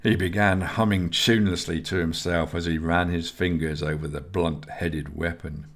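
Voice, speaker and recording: A man narrating a fantasy audiobook in a steady, measured reading voice. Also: low voice.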